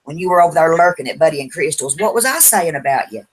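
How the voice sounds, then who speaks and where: A woman's voice: sits low, lively intonation, quick pace, slight background noise. A woman arguing bluntly in an online group chat, swearing freely and demanding answers. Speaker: participant in an online group hangout. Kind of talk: heated casual argument.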